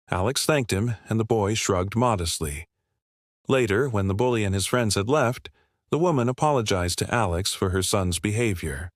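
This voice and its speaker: Male narrator, lowish voice, dry close read, steady scripted storytelling. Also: normal speed, dry recording.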